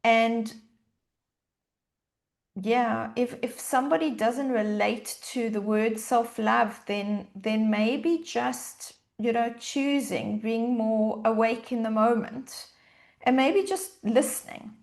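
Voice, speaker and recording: A woman coach speaking as a podcast guest, thoughtful and unhurried, repeating words as she finds her thoughts. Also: on the high side, fairly even intonation, gravelly, a little mellow. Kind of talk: casual interview chat.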